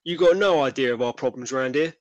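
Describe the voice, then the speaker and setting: A man's voice: mid-range voice, fast, dry recording, muffled recording, lightly acted. A man voicing a blunt, cocky older male market stall worker, in a tabletop game. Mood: gruff. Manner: blunt, cocky, says mate a lot.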